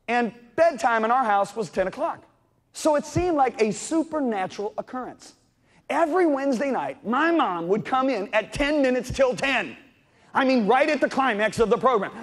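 A man preaching a sermon, telling stories dramatically and swinging between loud calls and hushed moments. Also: high voice, long reverb tail. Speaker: pastor. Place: church sanctuary.

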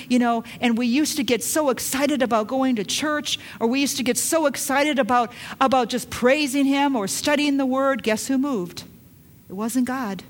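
A middle-aged woman preaching a sermon, emphatic, dropping to hushed lines and rising to loud urgent calls. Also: high voice. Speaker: pastor.

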